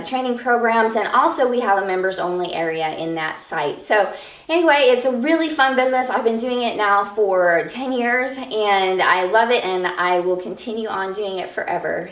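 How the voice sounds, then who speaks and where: A woman's voice: medium pitch, a bit bright. Upbeat woman with a Minnesota accent. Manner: upbeat, self-promoting. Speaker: fitness entrepreneur. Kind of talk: casual self-introduction to camera. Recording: roomy, from a distance.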